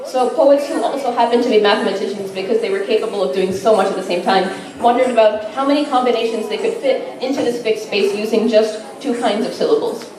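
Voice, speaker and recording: A woman's voice: fairly high pitch, fast talker, hardly any pauses, crowd noise. A woman giving an informal class presentation, enthusiastic and chatty, with frequent fillers. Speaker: student presenter. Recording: echoey room, mic far off.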